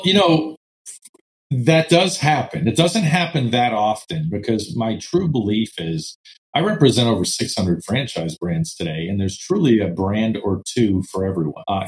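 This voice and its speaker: A man with a fairly low voice talks as a guest about the franchise business. He explains things earnestly and uses fillers often. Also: poor audio. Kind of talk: casual interview talk.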